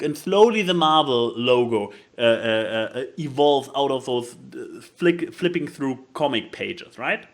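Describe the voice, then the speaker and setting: Animated man co-hosting a casual podcast. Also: fairly high pitch, moderate pace, hardly any pauses. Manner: animated, rambling, laughs often. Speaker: podcast co-host. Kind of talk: casual chat.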